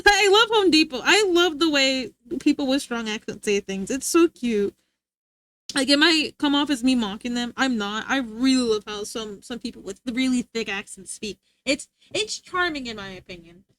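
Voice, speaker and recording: A woman's voice: on the high side, expressive, normal speed, fairly bright tone. A young woman livestreamer chatting casually with her viewers, rambling and often giggling.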